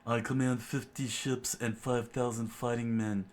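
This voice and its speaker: A man's voice: level tone, unhurried, slight background noise, lightly acted. A man doing a boastful armored pirate warlord. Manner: booming, boastful declarations.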